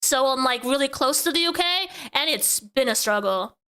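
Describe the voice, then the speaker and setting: A woman hosting a casual podcast, with a high, bright voice. She questions her guest with a puzzled air and laughs often. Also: lively intonation, normal speed, clean tone. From living in Portugal. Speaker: podcast host.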